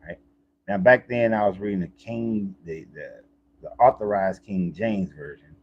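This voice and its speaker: A man's voice: sits low, unhurried, dull audio. A man talking in a casual, rambling monologue, often restarting and repeating himself, as a life coach.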